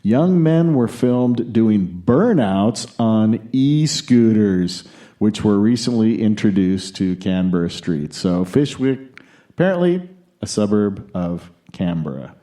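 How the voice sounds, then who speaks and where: A man's voice: fairly low pitch, animated, takes it slowly, mellow. An American man hosting a podcast in a casual news chat, with jokey, opinionated asides. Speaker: podcast host.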